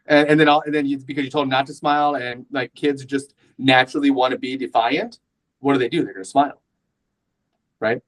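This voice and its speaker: A man's voice: medium pitch, poor audio. A man giving an informal sales training talk, conversational, often checking in with "right?" and restarting his sentences. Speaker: real estate sales trainer.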